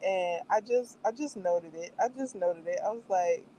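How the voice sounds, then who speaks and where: A woman hosting a livestream in casual chat, animated and laughing often, acting out her own reactions between wandering, filler-filled stretches. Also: lowish voice, moderate pace, slight background noise, low-quality recording. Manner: meandering with many fillers. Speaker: livestream host reviewing a show.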